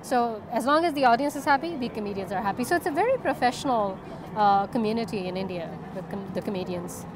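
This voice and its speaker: Deadpan woman comic, somewhat high voice, measured and dry. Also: noisy background. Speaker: guest comedian. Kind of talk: interview answers.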